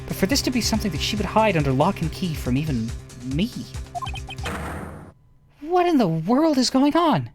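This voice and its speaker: A man voicing a young male defense lawyer who stammers and climbs into high, panicked questions. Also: sing-song, quick pace, few pauses, breathy edge, faint music behind. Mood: puzzled.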